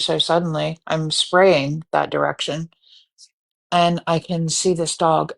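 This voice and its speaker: Gravelly woman telling a story. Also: sits low. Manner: animated, profane, breaks into screaming reenactments. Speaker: live stream host. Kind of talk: casual storytelling.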